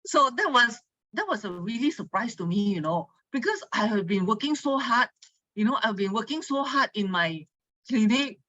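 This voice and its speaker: Very animated and forceful, this woman's bright, high-leaning voice moves at a moderate pace as she shares her testimony with a team in a casual online talk. Her Singaporean English is full of local particles, she laughs often, and she keeps asking listeners to agree; the recording has no echo but sounds muffled.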